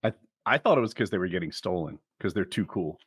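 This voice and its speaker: A man co-hosting a podcast, telling stories in a calm, detailed way during casual chat. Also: deep voice, quick pace, slightly rough, no echo, clean studio sound. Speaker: podcast co-host.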